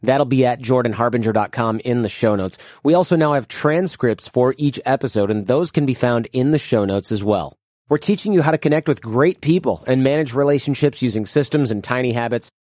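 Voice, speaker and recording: A man hosting a podcast interview, casual and quick to react, then reading the show outro. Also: mid-range voice, darkish tone, no echo, studio quality. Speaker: podcast host.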